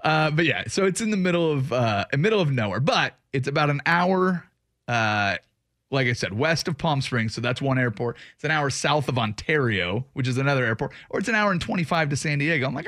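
A man's voice: on the high side, big pitch swings, fairly quick, a bit bright, no room sound. Radio host guy chatting away, bouncy voice, dry close mic. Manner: rambling, chatty storyteller. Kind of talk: casual radio banter.

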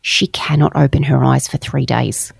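A woman in casual podcast chat, her low voice full of gravelly fry. She is blunt, with frank asides. The recording is close and dry. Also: fairly even intonation, moderate pace, dry recording. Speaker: podcast co-host.

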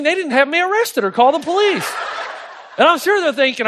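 A middle-aged male pastor preaching a sermon, telling stories in an animated way and acting out the voices of people in them. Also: very high voice, fairly quick. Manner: animated storytelling, acts out voices in anecdotes.

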